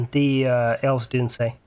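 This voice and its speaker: A man's voice: mid-range voice, creaky. A man narrating as game master, hesitant and full of fillers.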